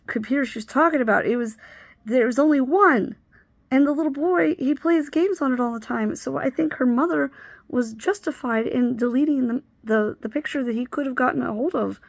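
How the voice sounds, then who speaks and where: A woman recounting a personal story in a loose, unscripted way. Her voice has a gravelly, fried edge, and she speaks bluntly, dropping swear words without hesitation. The sound is close and dry. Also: on the high side, no room sound. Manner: candid and blunt, swears freely.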